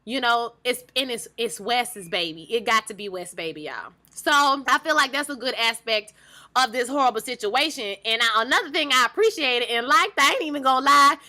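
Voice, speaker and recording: A young woman with a high, bright voice recaps a TV episode for her viewers. She talks in a casual, animated way, pressing hard on her points. Her tone is sharp and forceful. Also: normal speed. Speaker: TV recap vlogger.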